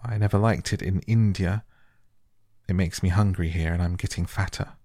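A man's voice: sits low, steady tone, moderate pace, warm tone, no echo, studio quality. A man reading the part of a timid little girl who pleads and stammers. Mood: eager. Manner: hesitant, stammering pleas.

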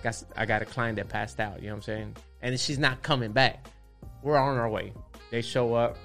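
A man's voice: medium pitch, steady tone, fairly quick, creaky, fairly bright tone, soft background music. A man, a tattoo artist, telling a story in a laid-back way, with lots of swearing and repeated "you know what I'm saying". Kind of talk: casual storytelling.

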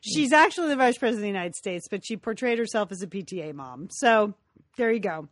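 A woman co-hosting a podcast in casual chat, lively and laughing often. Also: mid-range voice, fast talker, no echo, studio quality. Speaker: podcast co-host.

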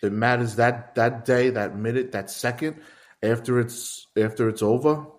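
A man hosting a casual interview who chimes in with quick jokes and laughter. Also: medium pitch, fairly even intonation. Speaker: podcast host.

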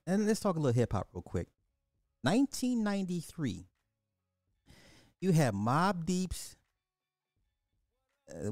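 A man's voice: fairly high pitch, a little mellow, dry recording, studio quality. A middle-aged man hosting a livestream, ranting bluntly and with profanity in casual commentary, repeating his points for emphasis. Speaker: livestream host.

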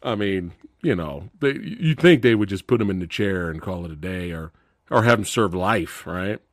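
A man's voice: low voice, moderate pace, dry recording, studio quality. A man hosting a horror movie review podcast, chatting casually and telling stories with frequent laughter. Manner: chatty, animated storyteller who laughs often. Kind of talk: casual chat.

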